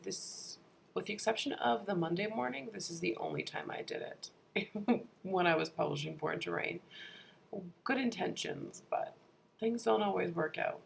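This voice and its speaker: A woman talking through a vlog voice-over while sick, her voice worn and husky, chatty with plenty of fillers. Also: lowish voice, slight background noise. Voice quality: gravelly. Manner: chatty, laughs often, many fillers. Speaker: vlogger.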